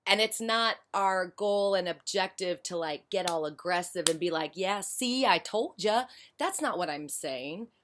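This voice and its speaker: A woman educator talking frankly and passionately about teaching practice in her own lower-pitched voice. She leans hard on key points and speaks emphatically. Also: moderate pace, hardly any pauses, a bit bright, slight background noise. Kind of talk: casual spoken commentary.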